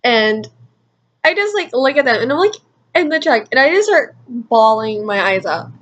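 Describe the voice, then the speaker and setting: A young woman vlogger spins a rambling story full of "like" fillers, her slightly high voice swinging widely in pitch at a normal speed. The tone is a bit bright, but the recording is muffled.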